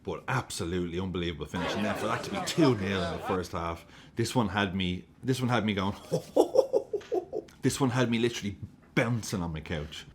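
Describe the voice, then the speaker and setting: A man with a low voice reacts to a football match with giddy excitement, swearing freely and laughing as he goes. He talks casually, like a fan ranting to his camera. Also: fast talker, noisy background. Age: adult with a young daughter.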